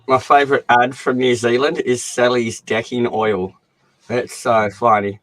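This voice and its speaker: A man's voice: medium pitch, little pitch movement, measured pace, a bit bright, dry recording. A man with an Australian accent, chatty and crude, swearing freely in casual livestream talk. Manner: chatty, laughing, swears freely, reads out chat.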